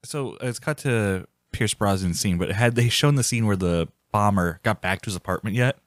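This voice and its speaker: A man co-hosting a movie podcast, excitedly retelling scenes in casual chat. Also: on the low side, normal speed, no echo, studio quality. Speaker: podcast co-host.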